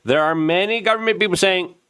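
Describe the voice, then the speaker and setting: A man hosting an online news show, giving an opinion commentary straight to camera. He rants emphatically and repeats himself rapidly, and he mimics other people in raised, mocking voices. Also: sits high, clean tone. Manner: excitable, emphatic ranting with rapid repetition. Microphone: camera-mounted.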